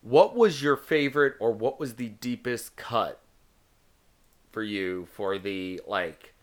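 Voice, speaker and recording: A man's voice: on the low side, lively intonation, takes it slowly. A man hosting a casual podcast chat, rambling and often repeating his words. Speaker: podcast host.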